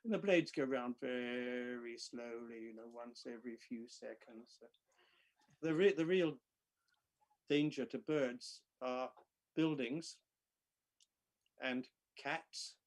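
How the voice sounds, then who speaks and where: A man's voice: medium pitch, slow, pauses often. An English man, a physicist guest, chatting with dry joking understatement. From England. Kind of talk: casual chat.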